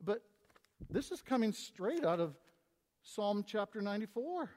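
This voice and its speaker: A man with a high voice preaches a sermon, rising to loud, emphatic scripture readings and then dropping low and quiet. His voice rings out through a long church reverb. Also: very animated, measured pace. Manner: preaching with big swings between loud emphasis and quiet asides. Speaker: pastor.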